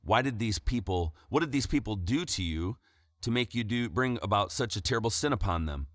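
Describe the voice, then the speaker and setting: A man's voice: fairly low pitch, lively intonation, brisk, dry recording, studio quality, voice pushed up, lightly acted. A man reading aloud the words of an earnest older male leader who pleads and commands. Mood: commanding.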